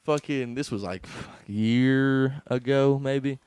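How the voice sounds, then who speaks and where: A man's voice: mid-range voice, slow pace, darkish tone, clear, resonant tone, no room sound. A young man co-hosting a podcast, telling laid-back, swearing anecdotes and laughing often. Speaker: podcast co-host. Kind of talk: casual chat.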